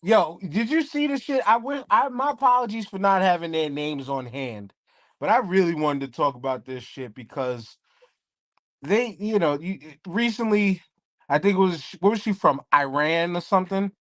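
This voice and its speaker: A man co-hosting a casual podcast, his voice sitting a little high and recorded dry and close. He swears freely and keeps dropping jokes he brags about as punchlines. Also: expressive, moderate pace, fairly bright tone, no room sound. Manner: joking, profane, boastful about his punchlines. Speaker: podcast co-host.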